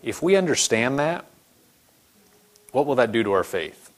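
A man's voice: mid-range voice, a little slow. A man preaching a sermon in an earnest, conversational way, acting out the voices he quotes. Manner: starts animated, later softens to a quiet gentle tone.

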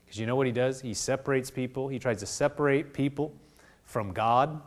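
A male pastor preaching a sermon in a conversational way, acting out little dialogues and dropping to hushed intensity. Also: mid-range voice, fairly quick. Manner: animated preaching, acts out voices of God and people.

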